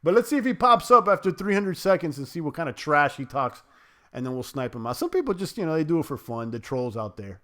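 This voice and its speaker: A man hosts a casual livestream in a slightly high voice and reads out viewer comments as they come in. His talk wanders, full of fillers and restarts. He turns to playful trash talk when trolls show up. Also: very animated, fast, fairly bright tone. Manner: loose and rambling, many fillers and restarts. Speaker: crypto livestream host.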